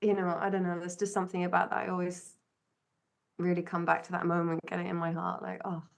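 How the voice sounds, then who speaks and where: A woman's voice: fairly low pitch, monotone, fast, gravelly. A woman co-hosting a podcast, telling a personal story in an earnest, searching way that often stops and restarts. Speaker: podcast co-host. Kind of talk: reflective conversational storytelling.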